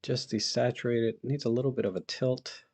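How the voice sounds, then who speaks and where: Gravelly man editing photos live. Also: medium pitch, brisk. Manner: thinks aloud while working, relaxed and chatty; greets viewers in chat. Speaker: photography live-stream host.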